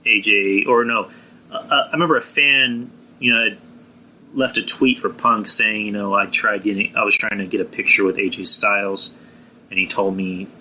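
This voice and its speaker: Bright-voiced profane stream host. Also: male voice, on the low side, poor audio. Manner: rambling, profane, chatting with live viewers. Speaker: podcast host. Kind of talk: casual live-stream commentary.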